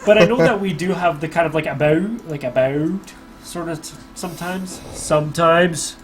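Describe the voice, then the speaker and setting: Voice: mid-range voice, brisk. A host from Calgary, Alberta, interviewing game developers in a chatty, story-telling way with frequent restarts. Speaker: show host. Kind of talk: casual interview chat.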